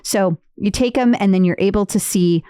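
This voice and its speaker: A woman co-hosting a fitness news podcast in casual chat, chatty and quick to laugh at herself. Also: mid-range voice, warm tone, smooth, no echo, studio quality. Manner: chatty, laughs easily, self-deprecating. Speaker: podcast co-host.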